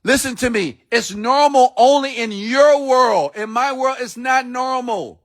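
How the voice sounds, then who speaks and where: A man delivers a motivational message in a sermon-like style, pitched noticeably high for a man. He talks bluntly, swears without hesitation, and fires questions straight at his listeners. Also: unhurried, fairly bright tone. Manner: blunt and preachy, repeats himself for emphasis, swears freely; addresses listeners directly with questions. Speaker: motivational speaker.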